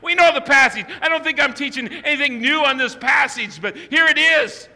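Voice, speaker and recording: A man's voice: very high voice, moderate pace, pushed and bright, long reverb tail. A pastor preaching a sermon to his congregation, emphatic and repetitive, often restarting his sentences. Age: older. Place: church sanctuary.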